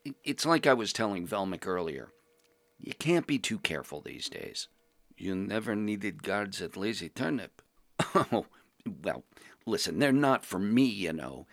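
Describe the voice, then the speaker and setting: A man playing a pompous, social-climbing young male journalist with affected, genteel high-society phrasing. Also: a bit bright, dry recording, exaggerated voice. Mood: smoothing over. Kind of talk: podcast role-play.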